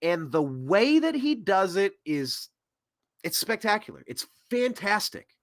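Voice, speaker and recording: Male host, 30s, sarcastic rambling commentator, animated high-ish voice. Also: a little slow. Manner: rambling and sarcastic, with mocking put-on quotes. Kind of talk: opinionated political commentary.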